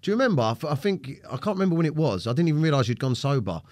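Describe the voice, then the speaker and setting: Matey, sweary host, dry close sound. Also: male voice, a little high, sing-song, very fast, darkish tone, no room sound. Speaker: podcast host. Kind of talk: candid podcast conversation.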